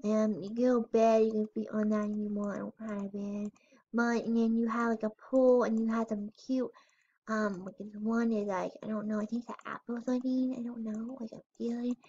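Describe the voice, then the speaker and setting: Her voice sits on the high side, mellow and a little breathy, with little pitch movement and a brisk pace, heard through lo-fi sound. She shows her game house with casual, rambling, often uncertain commentary, squealing over cute items.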